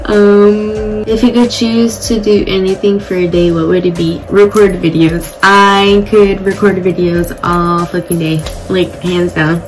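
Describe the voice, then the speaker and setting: A young woman talking through a casual makeup vlog in a plain mid-range voice. She is blunt and chatty and swears freely. Music plays clearly in the background. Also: mid-range voice, little pitch movement, unhurried, few pauses, rough recording. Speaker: beauty vlogger. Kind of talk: casual get-ready-with-me chat. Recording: music playing behind the voice.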